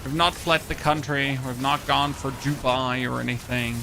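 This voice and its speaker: A man's voice: mid-range voice, steady tone, moderate pace, gravelly, background noise. A man in his thirties with a German accent, chatting casually and joking with his chat while streaming a game. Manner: chatty, jokey, answers chat. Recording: music playing behind.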